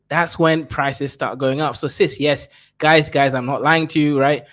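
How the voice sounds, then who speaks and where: A man's voice: fairly high pitch, steady tone, moderate pace, fairly bright tone. A man giving blunt, crude reaction commentary who keeps tagging his points with a question.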